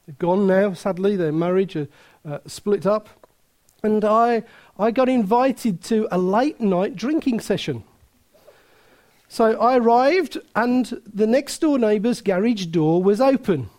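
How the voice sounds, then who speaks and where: Excitable preacher man. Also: high-pitched, a little slow. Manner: animated storytelling, many restarts, laughs at own story. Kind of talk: sermon with anecdote.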